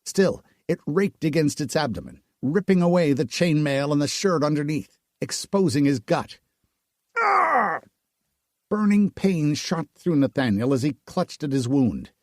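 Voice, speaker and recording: A man reading a dark fantasy audiobook aloud in slow, dramatic storytelling. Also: a little high, expressive, no echo, studio quality. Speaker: audiobook narrator. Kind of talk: scripted narration.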